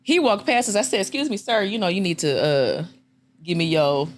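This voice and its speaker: A woman hosting a casual podcast, telling stories with profanity and acted-out quotes. Her pitch swings widely as she talks. A faint noise sits under the voice. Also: moderate pace. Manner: animated, profane, acts out quotes in a jumping pitch. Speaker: podcast host. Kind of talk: casual storytelling chat.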